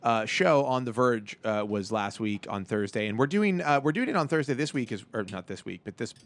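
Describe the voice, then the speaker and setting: A man's voice: mid-range voice, lively intonation, a little fast. Joking, rambling male podcast host. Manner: joking, rambling, laughs often. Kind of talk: casual chat. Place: studio. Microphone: studio mic on a boom arm.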